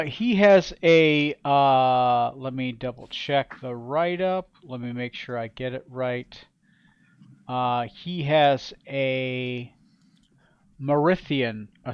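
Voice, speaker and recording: A man's voice: medium pitch, slow pace, clean tone, dry recording, highs cut off. A man narrating as game master of a tabletop game, casual and self-correcting.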